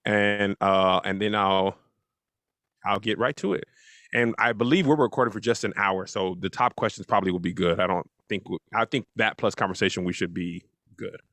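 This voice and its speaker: A man's voice: on the low side, steady tone, normal speed, fairly bright tone, dry recording. A man hosting a talk show in a loose, joking way, introducing a guest and asking questions. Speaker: host.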